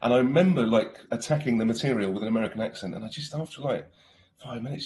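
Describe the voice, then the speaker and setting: A man's voice: medium pitch, lively intonation, quick pace, darkish tone. A British man in his forties, an actor chatting casually in an interview, laughing often and restarting his sentences.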